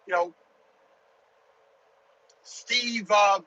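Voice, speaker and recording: A man's voice: very high-pitched, expressive, very slow, sharp tone, lo-fi sound. A truck driver talking casually to his viewers while driving his truck, in a chatty, rambling way. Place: truck cab on the highway.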